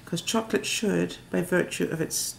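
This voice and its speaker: A woman's voice: fairly low pitch, moderate pace, gravelly, slight background noise. A woman chatting casually in a home kitchen vlog, giggly and self-mocking. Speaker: home cooking vlogger.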